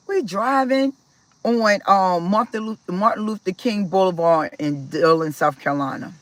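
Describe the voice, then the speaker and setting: A woman from Maryland telling a personal story to her viewers in a casual, animated way, acting out what people said. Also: mid-range voice, normal speed, no room sound, low-quality recording. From Maryland, USA. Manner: animated, talks to viewers directly, acts out quoted dialogue. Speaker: spiritual vlogger.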